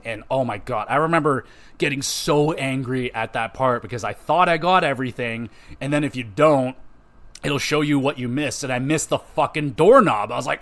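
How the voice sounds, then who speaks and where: Male podcast host, mid-pitch, casual and profane, rambling game recap with quick impressions. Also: fairly bright tone.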